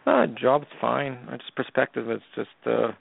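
A man from Canada calling a radio show, who speaks hesitantly and softly with many fillers. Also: medium pitch, very animated, moderate pace, gravelly, breathy edge, dry recording. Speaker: caller. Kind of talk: phone-in call. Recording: dry, tinny phone line.

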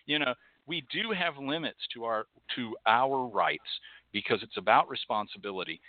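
A man's voice: medium pitch, expressive, moderate pace, no room sound. Blunt, profane man on a tinny line. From Texas. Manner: blunt, profane, preacherly cadence. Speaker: radio show host. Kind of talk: impassioned call-in talk show. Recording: tinny phone-like audio.

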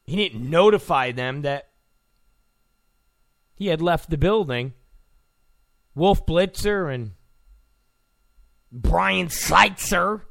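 Male commentator, sarcastic rant, gravelly, lively swooping pitch, mocking. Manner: sarcastic, mocking, insult-heavy. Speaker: political commentator. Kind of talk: ranting political commentary.

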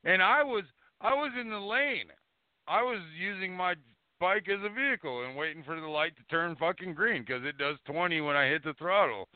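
A man's voice: sits high, animated, moderate pace, clear, resonant tone, dry recording. A man co-hosting a casual podcast chat, telling heated, profane stories and trading jabs. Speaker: podcast co-host. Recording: dry, phone-like tinny audio.

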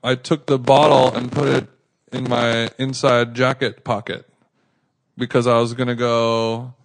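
A man's voice: mid-range voice, measured pace. A man co-hosting a podcast, telling a rambling anecdote in casual chat with lots of restarts. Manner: rambling, animated anecdote with acted quotes. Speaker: podcast co-host.

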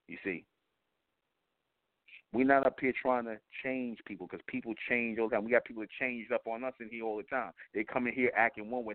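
A man's voice: lowish voice, no echo. Preachy man lecturing on tinny phone line. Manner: preachy and repetitive, keeps asking "you see?"; blunt and profane. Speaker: internet radio talk show host. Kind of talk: lecturing radio monologue.

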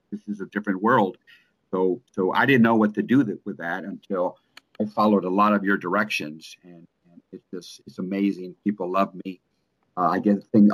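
A middle-aged man giving an earnest, emotional testimonial, speaking haltingly with many restarts and repeated words. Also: on the low side, fairly bright tone. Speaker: coaching client. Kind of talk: personal testimonial in conversation.

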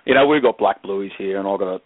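An Australian man as the guest, chatting casually and jokily with drawn-out pauses. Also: low-pitched, no echo. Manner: laid-back, jokey, chuckling, drawn-out um pauses. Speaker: guest reptile expert. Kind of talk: casual podcast chat. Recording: phone-like call line, dry.

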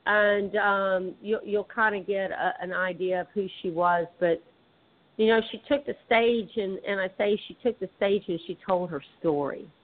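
A woman's voice: medium pitch, fairly even intonation, moderate pace. A woman with a Southern twang, a guest author talking casually with many restarts and fillers. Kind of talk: casual conversation. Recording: tinny phone line.

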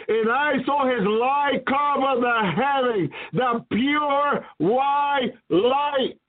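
A man with a strikingly high voice preaches a sermon testimony that turns into prayer. He pleads with fervour and repeats phrases again and again. The sound is thin and tinny, like a phone line. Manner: fervent, repetitive pleading.

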